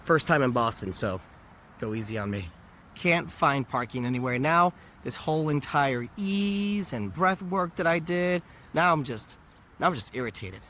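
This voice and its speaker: Still worn out from a cold, a man vlogs casually outside near a convention area while faint traffic hums in the background. His fairly high voice is expressive, pushed, and bright at normal speed. The personal story he tells is candid and reflective, and he laughs at himself.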